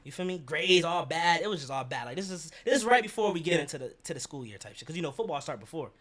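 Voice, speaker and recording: A man's voice: fairly high pitch, quick pace, a crowd in the background. Young man telling a slangy story. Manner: animated, slangy and profane, acts out quoted people. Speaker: vlogger.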